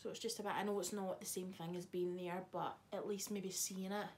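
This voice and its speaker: A woman's voice: medium pitch, little pitch movement, a little fast, a little hiss or hum. A young woman, chatting casually to camera in a vlog, swearing freely and teasing someone off camera. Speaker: vlogger. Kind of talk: casual chat.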